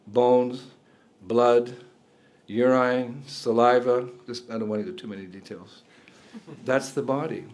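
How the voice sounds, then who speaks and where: A man's voice: medium pitch, a little mellow. An older man, a spiritual teacher, giving a talk indoors to a room of listeners, chuckling often and asking them questions.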